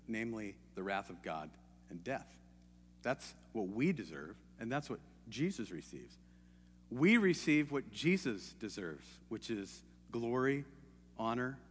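A man's voice: mid-range voice, fairly bright tone, in a large hall, a little hiss or hum. A man preaching a sermon in an earnest, hesitant way, often restarting his sentences.

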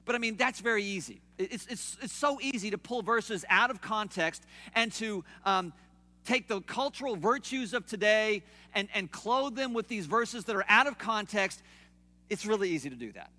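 A man preaching a sermon in a conversational way, swinging from loud emphatic peaks to soft low asides, in a church. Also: animated, normal speed. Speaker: pastor. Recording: long hall reverb.

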